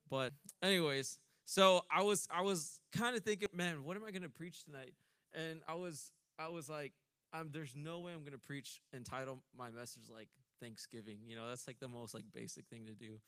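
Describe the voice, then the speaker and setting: A young Texan man gives a relaxed youth sermon, joking and chatty between scripture readings. His voice is bright and forceful, pitched a little high for a man, and the recording is close and dry. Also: clean tone, dry recording. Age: young adult. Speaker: minister. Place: church sanctuary.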